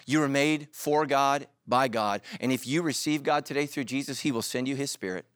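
Here a middle-aged man preaches as a pastor, his voice medium in pitch and normal in speed, with a dry sound. The sermon is animated storytelling laced with humor and acted-out quotes.

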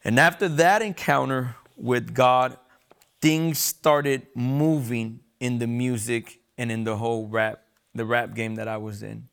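Young man, gravelly voice, earnest personal testimony, trips over words now and then. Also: mid-range voice, measured pace, a bit bright. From San Diego, USA. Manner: earnest, repeats words when emotional. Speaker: testimony guest.

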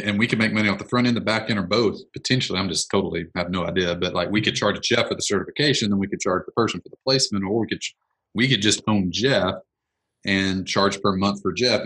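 Guy with a low, bright, kinda husky voice, rambling through a meeting brainstorm. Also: poor audio. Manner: thinking out loud, quick and rambling. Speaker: business owner leading a brainstorm. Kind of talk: casual meeting discussion.

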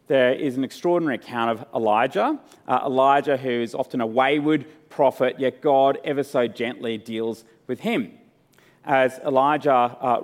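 A man preaching an earnest, unhurried sermon as pastor, rising in emphasis and then softening into a hushed prayer. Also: mid-range voice. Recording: long hall reverb.

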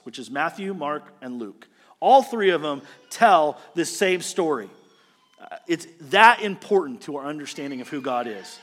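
A male pastor preaching a sermon, animated, swinging between loud emphasis and quiet, earnest passages. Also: a little high, in a large hall.

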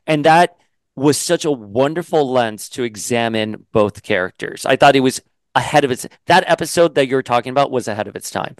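Smooth, dry-voiced male host. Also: mid-range voice, a little fast, no room sound. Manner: animated, swears, does mocking voices. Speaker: interview host. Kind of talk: casual video-call interview.

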